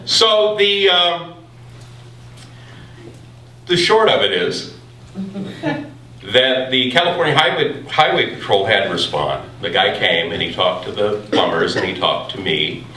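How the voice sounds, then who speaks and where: A man tells a true personal story on stage without a script, in a halting, wry way with frequent restarts. He is picked up from some distance in a roomy space, with a faint ambient hum underneath. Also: lowish voice, expressive, bright, forceful tone. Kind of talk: unscripted live personal storytelling. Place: live storytelling event. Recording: roomy live room from afar, faint ambience.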